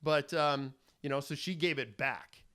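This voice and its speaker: Smooth-voiced earnest man giving self-help talk. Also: fairly high pitch, unhurried, fairly bright tone. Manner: rambling, earnest, fatherly. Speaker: host. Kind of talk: casual self-help monologue.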